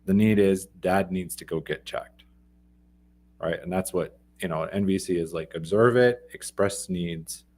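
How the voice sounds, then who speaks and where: Host, man, low-pitched, reflective and explanatory. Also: measured pace, darkish tone. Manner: reflective, explains ideas aloud. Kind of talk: podcast conversation.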